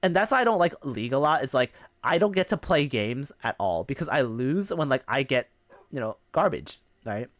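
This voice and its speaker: A man's voice: mid-range voice, very animated, normal speed, a bit bright, no echo. A male streamer telling a gaming story in casual, profane chat, mocking the people he quotes.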